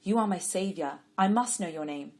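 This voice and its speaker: A woman reads the part of a blind young Levite man in a storybook tale, earnest and eager. His voice is soft-toned yet pressing, full of hopeful questions. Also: fairly low pitch, normal speed, close to an everyday voice. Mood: pleading.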